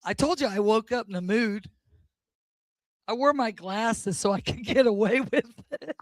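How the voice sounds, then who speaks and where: A woman's voice: on the high side, measured pace, dry recording. A woman doing an awkward, self-deprecating stand-up set at an open mic.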